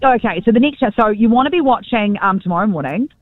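A woman's voice: on the high side, lively intonation, quick pace, no echo, phone-quality sound. A woman, a sports broadcaster chatting on a radio show in a rambling, self-deprecating way. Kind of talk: casual radio chat.

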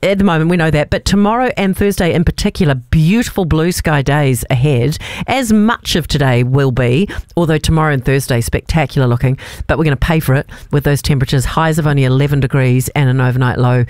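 A person co-hosts a breakfast radio show, chatting in a relaxed, musing way. The voice sits on the high side, and it is recorded close and dry in the studio. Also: male voice, fairly quick, few pauses, smooth, no echo. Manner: conversational, musing, easygoing. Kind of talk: casual radio banter.

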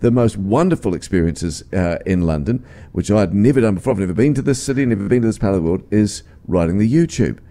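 A man's voice: on the low side, animated, fast, hardly any pauses, warm tone. A man hosting a breakfast radio show, joking and laughing with his co-host. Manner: jokey, laughs often.

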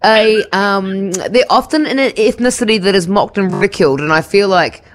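A woman's voice: medium pitch, normal speed, slight background noise. A woman co-hosting breakfast radio, chatting casually and standing her ground in banter.

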